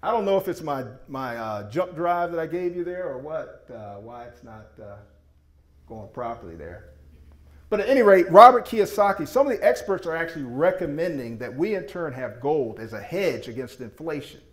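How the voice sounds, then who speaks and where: A man gives an enthusiastic, folksy sales presentation with slides to a seated audience in a meeting room, and the room sounds echoey. His voice is fairly high, swings widely in pitch, and moves at a moderate pace.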